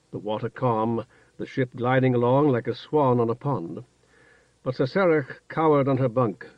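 Male audiobook narrator, measured, dry, muffled lo-fi sound. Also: medium pitch, no room sound. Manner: measured, even storytelling. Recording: dull, dry studio recording.

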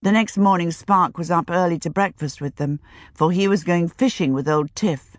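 A woman narrating an audiobook in a measured, even manner. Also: on the low side, no echo, studio quality.

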